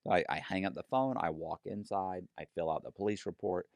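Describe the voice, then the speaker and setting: A man telling a story in a casual interview, animated and profane, acting out other people's lines as he goes. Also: deep voice, a little fast, no echo. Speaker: guest telling his story.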